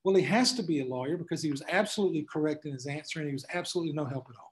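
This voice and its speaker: A courteous male balloon pilot calls out politely, then turns dry and wry, as a man puts him on. The voice sits a little high for a man. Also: very fast, slight background noise, lightly acted. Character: adult male hot air balloon pilot.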